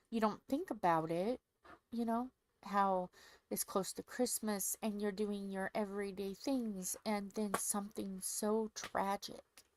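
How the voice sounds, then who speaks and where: A middle-aged woman from Indiana, chatting casually to her viewers while doing a craft, rambling and growing soft when sad. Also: medium pitch, poor audio. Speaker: crafting channel host. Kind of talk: casual chat to viewers while diamond painting.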